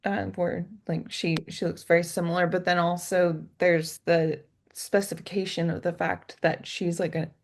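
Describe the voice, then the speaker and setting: A woman's voice: on the low side, level tone, normal speed. A young woman co-hosting a casual movie chat, bubbly and full of fillers. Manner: bubbly, lots of fillers and laughs. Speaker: co-host.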